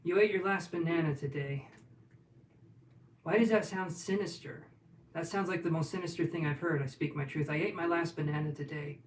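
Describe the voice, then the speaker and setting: A man's voice: on the high side, fairly quick, distant mic. A man reading tarot cards on a casual livestream, chatting and joking as he answers viewers' questions. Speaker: tarot reader. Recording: roomy sound from off-mic, faint room noise.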